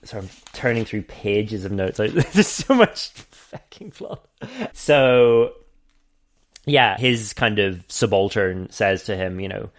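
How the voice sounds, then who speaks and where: A man's voice: lowish voice, unhurried. A man hosting a podcast, retelling a film's plot in rambling, sweary casual chat and laughing often. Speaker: podcast host.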